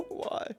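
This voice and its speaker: A man's voice: a bit bright, no room sound. A laid-back man in casual podcast banter who laughs a lot and swears.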